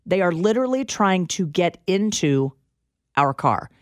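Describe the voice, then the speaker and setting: A woman co-hosting a radio show, telling a story in an animated, dramatic way. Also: lowish voice, unhurried, dry recording, studio quality. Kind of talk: casual storytelling chat.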